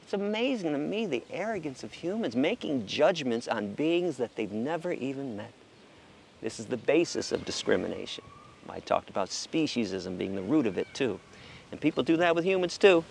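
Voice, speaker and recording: A man's voice: medium pitch, very animated, moderate pace, creaky, slight background noise. A man speaking passionately about animal sanctuaries in a casual monologue, stammering into restarts and swearing now and then. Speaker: vegan animal rights advocate.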